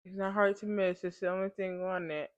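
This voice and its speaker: A woman's voice: medium pitch, flat delivery, a little fast, no echo. Teary young woman, numb-mouthed, dull audio. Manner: weepy and giggly, slurred from numbness. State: tearful, numb mouth after surgery. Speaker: vlogger. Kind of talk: casual vlog after oral surgery. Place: home, bathroom.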